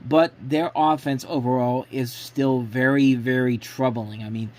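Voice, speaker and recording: A man's voice: mid-range voice, fairly even intonation, a little slow, darkish tone. A man hosting his own sports show, casually talking through football predictions and often stopping to restart or correct himself. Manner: rambling, frequent restarts and self-corrections. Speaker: sports blog host.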